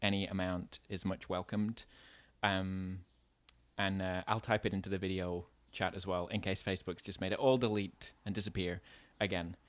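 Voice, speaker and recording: A man's voice: low voice, flat delivery, normal speed, no room sound. A man hosting a livestream in casual chat, jokey and loose with fillers. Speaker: livestream host.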